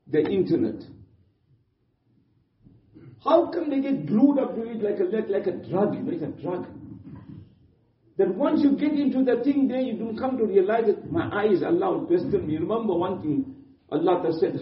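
An Islamic preacher with a high voice delivers an earnest sermon, repeating points in simple, non-native English. The recording sounds distant, dull and echoey, with slight background noise.

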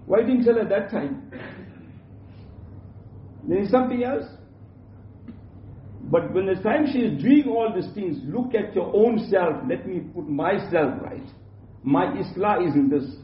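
A man's voice: sits high, lively intonation, unhurried, pauses often. A man giving an Islamic sermon in an emphatic, repetitive way, often restarting his sentences, recorded from a distance in a prayer hall. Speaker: Islamic preacher. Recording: roomy, distant, dull lo-fi with faint hum.

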